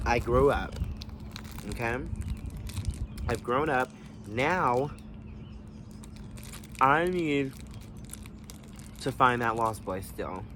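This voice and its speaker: A young vlogger tells a story in a casual storytime video, sounding animated and slangy. He swears freely and leaps into high exclamations. There's slight background noise.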